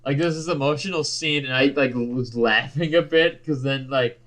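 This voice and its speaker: A man's voice: medium pitch, moderate pace, fairly bright tone. A young man co-hosting a podcast, chatting casually, joking and swearing a lot. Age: young adult. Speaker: podcast co-host. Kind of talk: casual chat.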